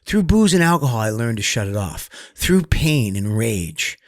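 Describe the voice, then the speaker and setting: A man's voice: medium pitch, moderate pace, no room sound. A middle-aged man tells his story candidly as a podcast guest, swearing freely. He acts out the other people's lines with a sudden rise in volume. The sound is dry and close. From Massachusetts, US. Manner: profane, animated, acts out quotes loudly. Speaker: guest comedian.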